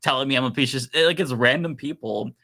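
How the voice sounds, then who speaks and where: A man's voice: medium pitch, fast, vocal fry, sharp tone. A man co-hosting a casual political chat show, ranting animatedly with swearing and laughter. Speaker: podcast co-host.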